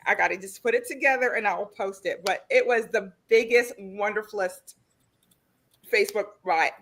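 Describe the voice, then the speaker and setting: Woman, excited chatty storytelling, bright tone, casual garden talk. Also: medium pitch, normal speed. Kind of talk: casual chat on a garden stream.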